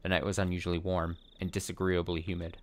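A man streaming a visual novel, reading the story aloud and adding expressive, sometimes profane commentary. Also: low-pitched, quick pace. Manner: expressive, swears when annoyed. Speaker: let's play streamer.

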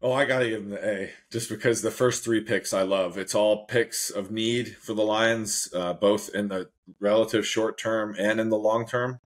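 A man's voice: lowish voice, fairly even intonation, normal speed, hardly any pauses. A man co-hosting a casual sports chat, laid-back, laughing often and saying "man" a lot. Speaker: co-host.

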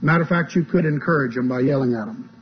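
A man's voice: a little high, quick pace. A man preaching a sermon in a folksy, plain-spoken teaching manner, on a dull lo-fi tape with a mains hum.

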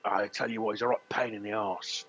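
A man voicing a foul-mouthed, grumbling tavern barman in a tabletop game, with a husky voice and dull lo-fi audio. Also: on the low side, flat delivery, a little fast, a bit bright, soft background music. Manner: sweary, grumbling.

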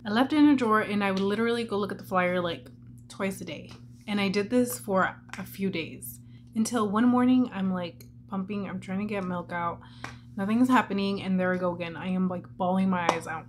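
A woman's voice: mid-range voice, a little fast. A young woman talks her way through a makeup routine in a casual home vlog, candid and chatty, scattering "like" through her sentences. Her voice sits in an ordinary middle register. A faint hum runs under the recording. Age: young adult. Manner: candid and chatty, many "like" fillers. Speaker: vlogger.

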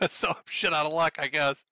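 A man's voice: a little high, fairly even intonation, normal speed, sharp tone, clean tone, dry recording. A man ranting profanely and sardonically on a casual live stream, reading out viewer donations from his home computer setup on a close desk mic.

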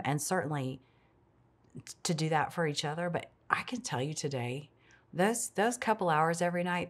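Earnest middle-aged lady telling a devotional story, low voice, reflective. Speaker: ministry speaker. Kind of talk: devotional talk.

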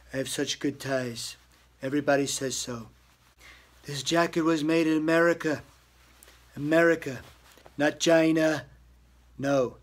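A man doing a deep husky boastful politician. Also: natural voice. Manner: boastful, repeats himself over and over. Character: boastful older male politician impression, blustering and self-praising. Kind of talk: comic impression.

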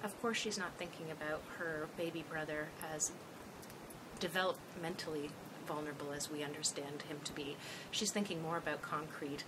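A woman's voice: low voice, steady tone, normal speed, noisy background. A woman trainer giving a thoughtful, explanatory presentation as she recounts an emergency call.

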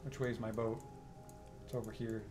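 A man's voice: on the low side, little pitch movement, moderate pace, over music. A young man casually commenting on a game and reading its text aloud, in an offhand way with the occasional swear. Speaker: let's play host.

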